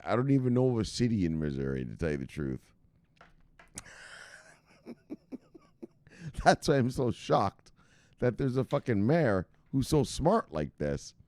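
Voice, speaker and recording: A man's voice: medium pitch, very animated, a little slow, long pauses, a little mellow, no echo. A man hosting a crypto news show in casual, profane commentary, brash and laughing at his own jokes. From United States.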